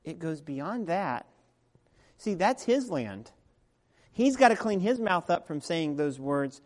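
A man preaching a sermon as pastor, talking in a conversational way that drops to quiet asides and rises to loud, emphatic peaks. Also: on the high side, sing-song, takes it slowly. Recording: long reverb of a large hall.

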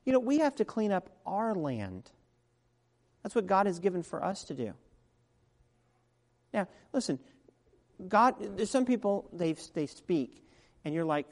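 Conversational preacher in a reverberant hall. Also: male voice, sits high, very animated, a little slow, long pauses. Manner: conversational preaching, swings between soft asides and loud emphatic peaks. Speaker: pastor. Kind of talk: sermon. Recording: long reverb of a large hall.

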